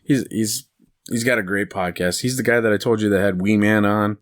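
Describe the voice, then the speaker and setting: A man's voice: lowish voice, fairly even intonation, brisk. A man co-hosting a podcast, chatting casually and rambling through stories while laughing at them. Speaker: podcast co-host. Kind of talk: casual chat.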